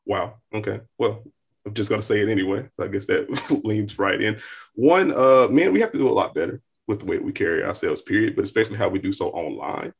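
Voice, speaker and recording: Husky, animated young man. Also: lowish voice, brisk. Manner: rambling, hedging, amused. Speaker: podcast co-host. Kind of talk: casual chat.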